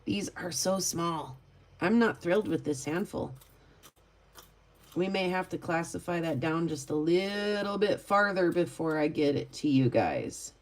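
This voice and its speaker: A woman's voice: lowish voice, unhurried. A woman vlogger telling a story casually, rambling and chatty with lots of filler words. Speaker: vlogger and rockhound.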